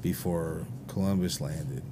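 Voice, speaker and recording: Minnesotan man, deep voice, podcast guest, easygoing storyteller, faint hiss. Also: unhurried. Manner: rambling storyteller, many fillers. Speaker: band leader and guest. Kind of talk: casual podcast chat.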